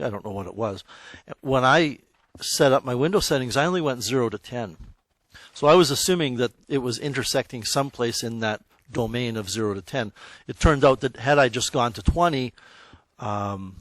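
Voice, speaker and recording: A man's voice: medium pitch, no room sound. Man, math teacher, classroom lecture, conversational, dry close sound. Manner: conversational, self-correcting, checks in with students. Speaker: high school math teacher.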